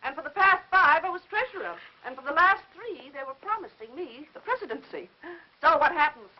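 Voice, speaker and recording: An actress playing a fussy, chattering older aunt who meddles and prattles on, in 1950s film acting. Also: female voice, high voice, expressive, brisk. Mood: prattling. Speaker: busybody aunt. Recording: muffled old film soundtrack with faint hiss.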